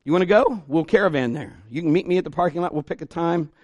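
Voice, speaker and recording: A man preaching to his congregation with a folksy, talk-it-through delivery that swells into emphatic bursts. His voice sits a little high for a man. It comes across close and dry, with hardly any room sound on it. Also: fast, a little mellow, no room sound. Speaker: pastor. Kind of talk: sermon.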